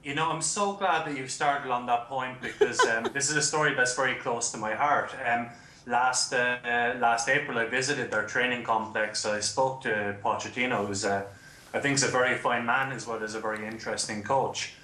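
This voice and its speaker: A man's voice: medium pitch, fairly even intonation, moderate pace, bright, forceful tone, slight background noise. A man appearing as a guest football writer, speaking in an engaged, storytelling way. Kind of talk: casual studio discussion. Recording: roomy, echoey sound.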